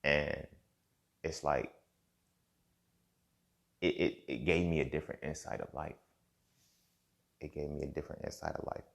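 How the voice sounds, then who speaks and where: In a creaky bass voice, a young podcast host speaks at a measured pace with long pauses. His reflective, casual monologue repeats itself and leans often on "you feel me."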